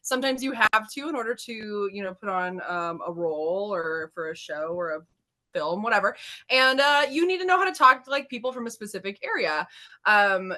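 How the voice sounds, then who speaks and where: Giggly bright-voiced woman host. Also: mid-range voice. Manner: giggly, animated, laughs often. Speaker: podcast host. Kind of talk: casual podcast chat.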